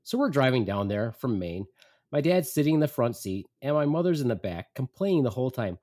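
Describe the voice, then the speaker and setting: Male podcast host, casual comic storyteller, very expressive intonation. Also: mid-range voice, a little fast.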